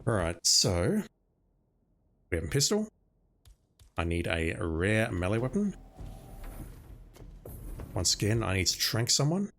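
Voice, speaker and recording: A man streaming a video game, hoarse and losing his voice, planning his moves aloud as he plays. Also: on the low side, wildly swooping pitch, measured pace, pauses often, a bit bright, soft background music. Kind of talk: gaming commentary.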